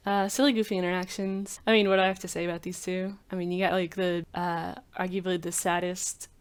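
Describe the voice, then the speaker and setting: A woman's voice: on the low side, smooth. A woman rambling casually in a commentary video, filling her talk with frequent "like"s. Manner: rambling, heavy use of "like" fillers. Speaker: video creator.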